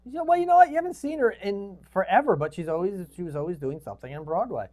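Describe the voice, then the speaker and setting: A co-host in a casual chat, animated and given to trailing off mid-thought. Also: medium pitch, fast. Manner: lively, animated, trails off and restarts.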